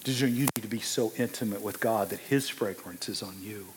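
A man in his sixties preaching a sermon, swinging from hushed asides to loud, emphatic exclamations. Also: lowish voice, fairly quick, slight background noise.

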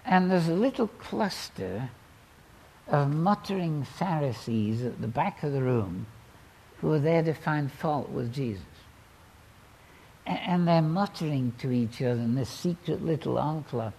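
A man preaching a sermon, telling the story dramatically and swinging between loud exclamations and quiet asides. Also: on the high side, lively intonation, unhurried, gravelly, slight background noise.

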